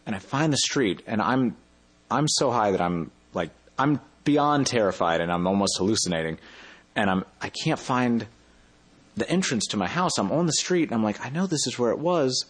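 A man's voice: on the low side, expressive, moderate pace, slightly rough. A man telling a travel story in a casual interview, rambling and often correcting himself mid-sentence. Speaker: interview guest.

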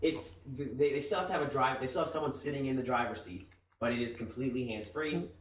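A man's voice: mid-range voice, fast, recorded from a distance. Casting: male panelist, casual and stumbling over repeats, echoey room, sits back from the mic. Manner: repeats words while thinking, swears. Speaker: podcast panelist. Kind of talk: casual group chat.

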